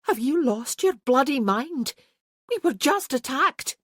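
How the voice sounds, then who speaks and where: A woman narrating an audiobook voices a fierce young Highland woman, pushing her voice high and sounding urgent, emphatic and quick to scold. The heavily acted, animated read is close and dry with no room sound, the character indignant, stubborn and sharp-tongued throughout.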